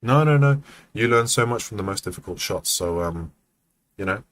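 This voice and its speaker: A man with a low voice runs an animation feedback livestream in a relaxed, chatty way. He thinks aloud with plenty of ums and acts out poses as he goes. There is a faint hiss of noise behind him. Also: moderate pace. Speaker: animation mentor reviewing student work.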